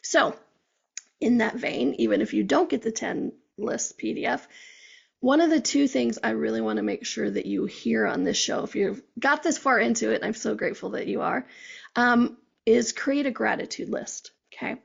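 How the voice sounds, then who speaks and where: A woman hosts a podcast in a chatty, encouraging way, often checking in with her listeners. Her voice sits a bit high and is heavily gravelly and husky throughout. The audio is dull and lo-fi. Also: normal speed. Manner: chatty, encouraging, frequent "um" and "okay?". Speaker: podcast host. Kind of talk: casual motivational podcast talk.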